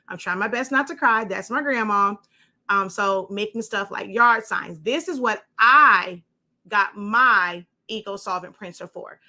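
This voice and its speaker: A crafting show host gives a casual walkthrough, chatty and rambling as she shows off her printed projects. Her mid-range voice sounds pushed and bright.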